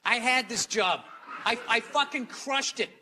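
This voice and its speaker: A high-voiced man from the United States talks as a guest in a casual interview. He rants bluntly and swears freely, with animated delivery. A steady noisy hiss sits under the recording. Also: unhurried. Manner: blunt, profane, animated ranting. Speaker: guest comedian.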